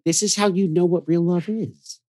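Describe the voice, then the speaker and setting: A man co-hosting a casual podcast chat, talking in an animated, exclamatory, joking way. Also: sits high, normal speed, dry recording. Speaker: podcast co-host.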